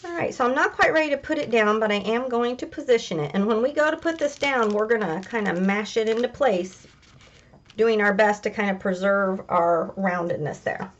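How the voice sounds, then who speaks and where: A woman's voice: fairly high pitch, moderate pace, lo-fi sound. A woman hosting a craft tutorial, chatting casually as she talks through each step.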